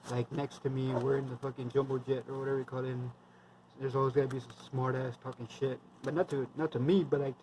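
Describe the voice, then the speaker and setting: A man's voice: medium pitch, warm tone, slight background noise, low-quality recording. A man in his thirties, a military veteran, telling war stories in a rambling, blunt, heavily profane casual monologue.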